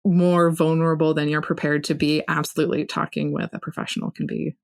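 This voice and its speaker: Thoughtful, affirming woman, lowish voice. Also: flat delivery, brisk, gravelly. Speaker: financial coach guest. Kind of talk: casual interview chat.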